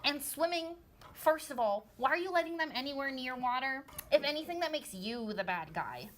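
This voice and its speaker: A woman's voice: high voice, lively intonation, moderate pace, a bit bright, slight background noise. A woman playing a smug bigoted official. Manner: smug, unbothered. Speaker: guest in a comedy sketch. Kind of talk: satirical sketch acting.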